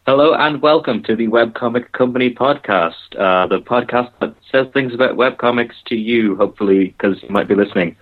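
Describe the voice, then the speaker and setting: A man's voice: medium pitch, a little fast, few pauses. A man co-hosting a casual podcast chat with wry, self-deprecating humor. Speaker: podcast co-host. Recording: tinny phone-like line.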